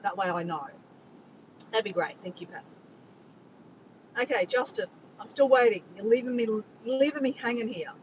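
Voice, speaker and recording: An Australian woman chatting casually and excitably to viewers on a live stream, recorded outdoors on a phone. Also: a little high, normal speed, long pauses, highs cut off, a little hiss or hum. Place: outdoors after a walk.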